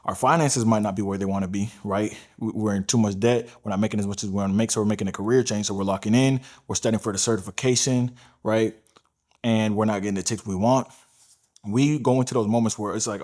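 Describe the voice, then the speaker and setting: Blunt fast-talking man giving dating advice. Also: on the low side, steady tone, darkish tone. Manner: blunt, profane, repeats "all right?" and "right?". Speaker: dating coach. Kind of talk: direct-to-camera dating advice.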